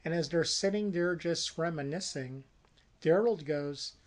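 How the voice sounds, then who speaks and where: A storyteller casually pitching a horror movie, narrating in a folksy, conversational way. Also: unhurried.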